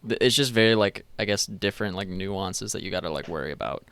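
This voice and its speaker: A young man appearing as a podcast guest, talking in a halting way full of fillers and casual swearing. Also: deep voice, gravelly, a bit bright, a little hiss or hum. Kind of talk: casual chat.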